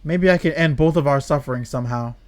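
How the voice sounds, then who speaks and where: A man's voice: fairly high pitch, fast talker, no echo, lightly acted. A man reading a brooding, despairing trapped young woman. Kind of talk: reading game dialogue aloud.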